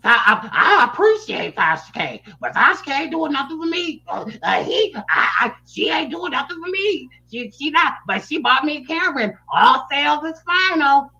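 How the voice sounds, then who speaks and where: A man's voice: very high voice, big pitch swings, moderate pace, hardly any pauses, pushed and bright, lo-fi sound, voice pushed up, full character voice. A man putting on the voice of a whiny man on a livestream who stammers and pleads.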